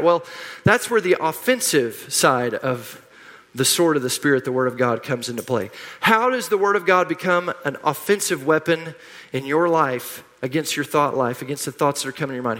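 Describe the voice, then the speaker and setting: A man's voice: a little high, fairly quick, fairly bright tone. A middle-aged man preaching a sermon, emphatic and repetitive, leading the congregation in call-and-response. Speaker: pastor. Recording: long hall reverb.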